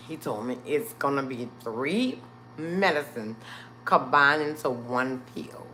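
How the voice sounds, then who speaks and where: Speaking slowly in a bass voice, a woman hosting a live stream recounts a story for her viewers. She calls them y'all and animatedly acts out quotes, with a slight hiss or hum present.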